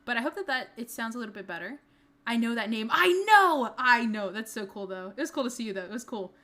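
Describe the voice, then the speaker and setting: Bright, bubbly woman streamer. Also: a little high, fast. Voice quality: bubbly, chatty, talks to chat. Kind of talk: casual livestream chat. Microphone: desk mic, not close to mouth.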